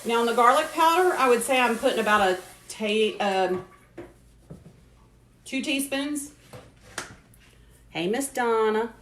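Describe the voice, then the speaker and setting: A woman's voice: fairly high pitch, expressive, measured pace, pauses often, a bit bright. Chatty woman cooking in an echoey kitchen. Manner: chatty, greets viewers by name, laughs often. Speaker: host cooking on a live stream. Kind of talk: casual live cooking chat. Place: home kitchen. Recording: echoey kitchen with faint noise.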